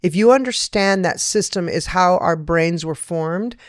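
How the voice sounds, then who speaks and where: Woman host, kinda low voice, dry mic, cheering the guest on, lots of yeahs. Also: a little slow, dry recording. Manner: encouraging, frequent affirmations. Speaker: podcast host. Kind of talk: casual interview chat.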